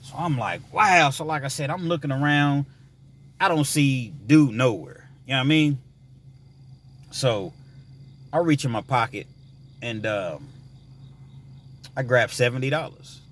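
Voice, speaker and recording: A man vlogging, telling a story in a casual, rambling way with many fillers, sometimes mimicking frantic girls in a high voice. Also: unhurried, pauses often, fairly bright tone.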